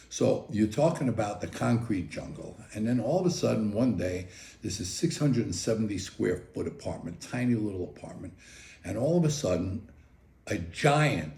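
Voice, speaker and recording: Gravelly older man telling a story. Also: medium pitch. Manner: animated, chatty, repeats "okay?" often. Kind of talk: casual personal storytelling. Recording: roomy echo.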